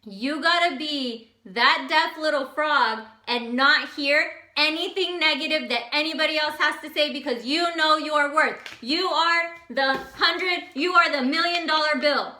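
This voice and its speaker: Energetic high-voiced woman motivating viewers. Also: moderate pace. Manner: energetic, emphatic, repeats for emphasis. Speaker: motivational host. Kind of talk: casual motivational talk. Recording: echoey room.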